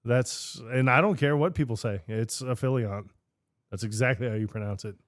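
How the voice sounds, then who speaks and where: A man co-hosting a podcast, chatting casually and doubling down with stubborn, deadpan insistence. His voice sits at a middling pitch, recorded dry and close with no room sound. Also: fairly quick, no echo. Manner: stubborn, deadpan storytelling with swearing. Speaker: podcast co-host. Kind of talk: casual chat.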